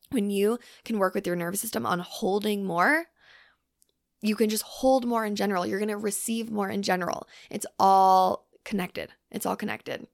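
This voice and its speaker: A young woman hosting her own podcast, talking loosely with lots of fillers and the odd swear, softly emphatic. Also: mid-range voice, dry recording, studio quality. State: hungry from fasting. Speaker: podcast host. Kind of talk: casual solo podcast talk.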